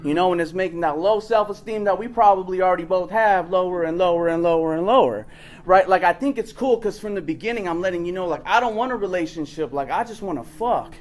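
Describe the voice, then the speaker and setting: A young man with a slightly high voice shares his recovery story at a workshop. He talks in a loose, street-casual way, swears freely, and keeps checking in with "right?" and "you know what I mean?". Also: fast talker. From Los Angeles area. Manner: candid, profane, street-casual with many "like" and "right?". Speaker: recovery convention speaker.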